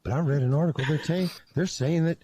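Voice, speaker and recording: A man's voice: on the high side, fast talker, close to an everyday voice. A man voicing a mock-earnest male streamer who claims he has reformed his views, in a preachy parody style. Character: reformed ex-alt-right male streamer, folksy Southern drawl. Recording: faint background noise.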